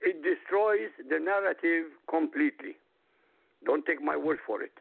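Man calling in, gravelly, husky, insistent, repeats himself, tinny dry phone sound. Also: a little high, moderate pace, no room sound. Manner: insistent, repeats points, urges listeners. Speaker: caller, guest. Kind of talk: call-in radio talk. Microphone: telephone.

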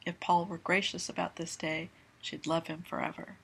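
A woman reads a novel aloud in steady, even narration. Her voice sits low, with a gravelly, husky texture. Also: moderate pace. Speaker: reader.

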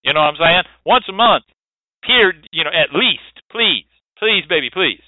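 Animated and speaking at a moderate pace, a man whose voice sits high hosts a hoodoo rootwork radio show with no room sound. The line is tinny, dry, and phone-like, and he preaches emphatically, cursing often and going over his points again and again.

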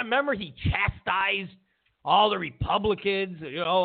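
A man's voice: high-pitched, moderate pace, vocal fry. A man hosting a political commentary show, ranting in a sarcastic, mocking way, stumbling over restarts and mimicking opponents. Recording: tinny phone-like lo-fi sound.

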